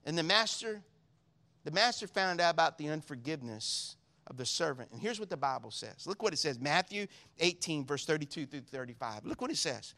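A man preaching a sermon as pastor, drawing in the congregation with call-and-response asides, moving between quiet solemn reading and loud excited preaching. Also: fairly high pitch, a little fast.

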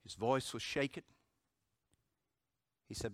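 Forceful preacher, bright dry voice. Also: male voice, mid-range voice, unhurried, pauses often, no room sound. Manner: impassioned preaching, swinging from loud emphatic declarations to hushed storytelling. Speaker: pastor. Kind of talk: sermon.

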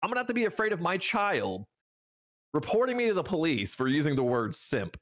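Laughing, rambling American podcast host. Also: male voice, on the high side, huge pitch swings, brisk, a bit bright. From United States. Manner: rambling, laughs often, frequent restarts. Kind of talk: casual podcast chat.

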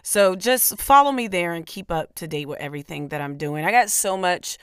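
A woman with a deep voice hosting her own podcast in casual chat, energetic and playful. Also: moderate pace, clear, resonant tone, no room sound, studio quality. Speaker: podcast host and comedian.

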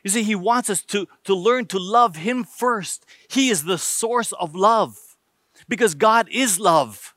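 A man's voice: sits high, slow, sharp tone, no room sound. A man preaching a sermon emphatically, using rhetorical questions and numbered points.

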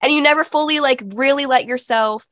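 A woman co-host speaks emphatically and insistently, filling her talk with "like" as she makes her point. Her voice sits a little high, and the sound is dry and close. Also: a little fast, a bit bright, no room sound. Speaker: podcast co-host. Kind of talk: casual spiritual chat.

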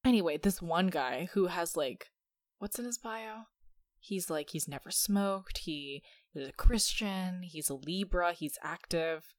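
A woman's voice: on the low side, expressive, unhurried, no echo. A young woman hosting a podcast, telling stories in a chatty, sarcastic way. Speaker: podcast host. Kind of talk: casual chat.

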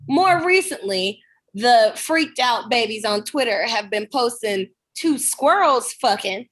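A woman comedian co-hosting a podcast, chatting in a fairly high voice. She jokes freely and drifts into loose asides. The talk is casual and unscripted. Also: expressive, slow, fairly bright tone. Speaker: comedian co-host.

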